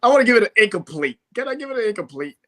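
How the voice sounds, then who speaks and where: A man's voice: high-pitched, very animated, very fast, fairly bright tone. A man co-hosting a casual sports podcast, talking bluntly with lots of swearing and chuckles between remarks.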